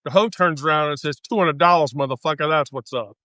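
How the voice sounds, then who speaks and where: A brash, swaggering young man holding forth with profane street wisdom, as a woman puts him on. His voice sits a touch lower than the teller's own and lands every line like a lecture. The sound is close and dry. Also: brisk, fairly bright tone, dry recording. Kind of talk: acted quote in a story.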